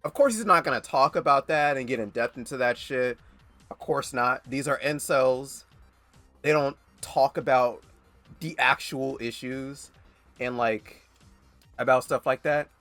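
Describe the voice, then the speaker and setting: Bright, blunt man ranting. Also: medium pitch, unhurried, no echo, faint music behind. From United States. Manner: blunt, sarcastic, swears a lot, stammers into rants. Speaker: reaction commentator. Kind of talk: reaction commentary.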